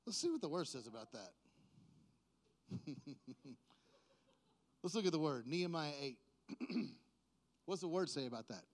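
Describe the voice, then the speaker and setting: A man with a high-pitched voice preaches in a church sanctuary. His delivery is casual and full of jokes, sliding between quiet asides and loud, emphatic peaks. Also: big pitch swings, measured pace, long pauses. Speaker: pastor. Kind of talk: sermon.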